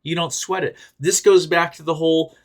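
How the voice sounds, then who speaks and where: Speaking at normal speed with a fairly high pitch, a podcast host reads stories sent in by listeners and answers them. He rambles candidly with plenty of swearing and laughter, shifting animatedly from loud outbursts to quiet asides.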